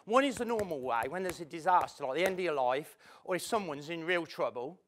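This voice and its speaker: High bright-voiced guy doing a motivational seminar, swoops all over, acts out people. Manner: animated, playful, acts out the people he quotes. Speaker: motivational speaker. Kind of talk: live seminar talk to an audience. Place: event room with an audience.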